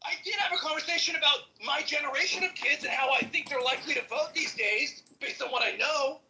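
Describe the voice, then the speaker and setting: A man's voice: extremely high pitch, fast talker, pushed and bright, low-quality recording. A middle-aged man in a heated argument on an audio chat app, furious and profane, ranting over a phone mic. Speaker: chat room participant.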